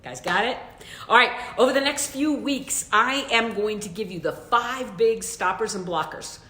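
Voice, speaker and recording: A woman's voice: normal speed, bright, forceful tone. A woman business coach giving a motivational training talk, speaking emphatically and putting repeated questions straight to her listeners. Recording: roomy echo, faint rumble.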